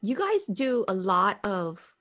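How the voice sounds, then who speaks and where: A woman's voice: mid-range voice, very animated, takes it slowly, a bit bright. A woman podcast co-host speaking in easygoing casual chat.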